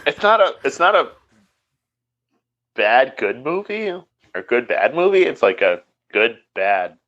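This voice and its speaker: A man co-hosting a horror movie podcast, excitable and cutting in with exclamations in casual chat. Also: medium pitch, unhurried, lo-fi sound. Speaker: podcast co-host.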